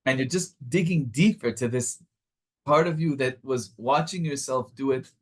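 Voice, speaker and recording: A man's voice: medium pitch, normal speed. A man teaching a Torah class with passion, moving back and forth between Hebrew and English.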